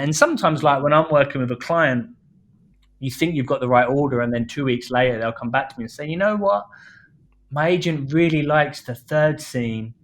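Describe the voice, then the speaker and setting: A man's voice: mid-range voice, a bit bright. A man from London, a film director, talking casually as a podcast guest, full of "you know" fillers and acted-out quotes. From London, England. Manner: chatty, many fillers, acts out quoted speech.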